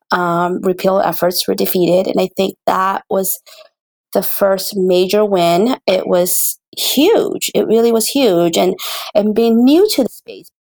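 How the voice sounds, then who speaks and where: A woman's voice: medium pitch, creaky, a little mellow, dry recording. A woman speaking as a guest on an interview, an earnest and passionate healthcare advocate who grows emotional. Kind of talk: interview conversation.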